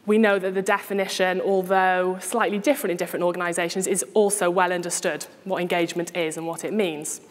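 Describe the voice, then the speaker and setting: Woman introducing a conference session, low voice, big echoey hall. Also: steady tone, fast talker, few pauses. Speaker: conference presenter. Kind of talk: conference presentation. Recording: long hall reverb.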